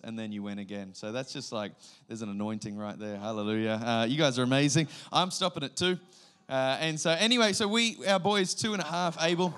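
This Australian man in his thirties is guest preaching a sermon full of animated stories, punctuated by abrupt loud bursts. His pitch sits on the high side.

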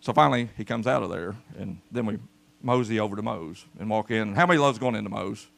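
A man's voice: on the low side, fast, vocal fry. A man preaching a folksy storytelling sermon to his church, calling out to the congregation. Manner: folksy, animated, calls out to the congregation. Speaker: pastor. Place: church service.

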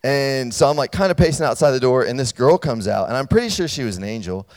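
This fast-talking preacher has a mid-range voice and addresses college students casually, checking in with them as he goes. Telling a personal story, he gets loud and animated, and the sermon echoes with long hall reverb.

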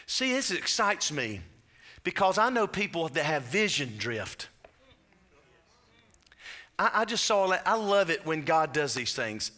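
A man's voice: on the high side, very animated, unhurried, pauses often, sharp tone. A man preaching a sermon as pastor, telling stories in a chatty way with asides. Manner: storytelling preacher, conversational asides.

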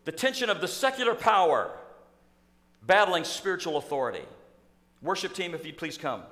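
A man preaching a sermon in a church, telling a story in an animated, acting-out way. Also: high voice, moderate pace. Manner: storytelling, animated, acts out scenes. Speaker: pastor. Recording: echoey church hall.

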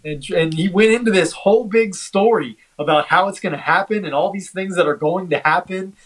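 A man co-hosting a casual podcast chat, talking haltingly with many fillers and restarts. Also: high-pitched, fairly bright tone, low-quality recording. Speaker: podcast co-host. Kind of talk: casual chat reviewing a comedy special.

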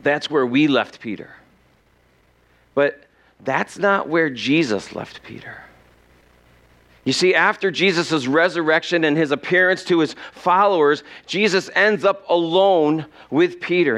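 A man as pastor, preaching a sermon in a slow, earnest storytelling way with dramatic pauses. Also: a little high, a bit bright.

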